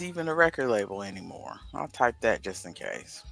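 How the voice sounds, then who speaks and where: Man, casual livestream co-host, talks to himself while puzzling, bouncy pitch, bright forward tone. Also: sing-song, brisk, creaky, hardly any pauses, soft background music. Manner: rambling, talks to himself while solving a crossword. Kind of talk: casual chat, thinking aloud.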